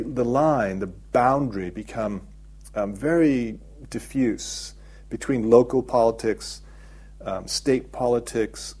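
Middle-aged male filmmaker in an interview, somewhat low and breathy-husky, thoughtful and explanatory, many pauses. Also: a little mellow. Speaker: documentary filmmaker, interview guest. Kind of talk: reflective interview talk.

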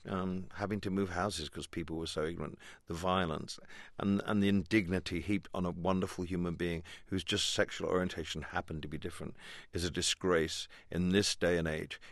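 A man's voice: low voice, gravelly, no room sound. A man speaking as a guest on a radio interview, hesitant, with many ums and restarts.

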